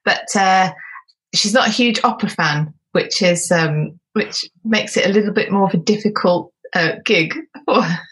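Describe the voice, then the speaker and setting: A woman's voice: mid-range voice, normal speed, fairly bright tone. A woman co-hosting a podcast, chatting casually and laughing often. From United Kingdom. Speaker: podcast co-host and history tour guide. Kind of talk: casual conversational chat.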